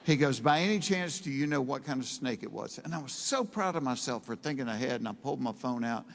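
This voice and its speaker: A man doing stand-up, telling a drawling, deadpan story on stage and punching up the loud punchlines. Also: mid-range voice, a little fast. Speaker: stand-up comedian. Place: stage in a large hall. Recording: hall reverb.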